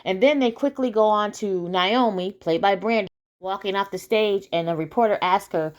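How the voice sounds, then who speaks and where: A woman's voice: mid-range voice, moderate pace. A woman casually recapping a TV episode, chatty, with many fillers and asides to her viewers.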